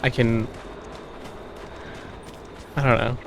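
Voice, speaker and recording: Man, American accent, game streamer, casual chatter, stumbling restarts, mid pitch, slight background hiss. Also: flat delivery, very slow. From United States. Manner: rambling, restarts often, swears casually, laughs easily. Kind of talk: casual gaming chat.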